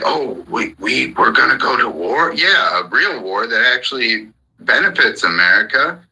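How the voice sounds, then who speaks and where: Host of a live voice room, heated and profane, with a husky, sharp-edged tone. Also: male voice, mid-range voice, rough recording. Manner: heated, profane, repetitive ranting. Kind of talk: angry political rant. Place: call-in audio chat room.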